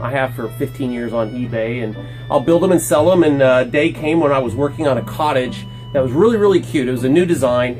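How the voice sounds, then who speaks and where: A man in a casual vlog, telling a lively story inside a small playhouse, acting out the people he quotes and joking about himself. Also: mid-range voice, poor audio. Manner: animated, acts out quotes, self-deprecating jokes. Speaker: playhouse builder and rental owner.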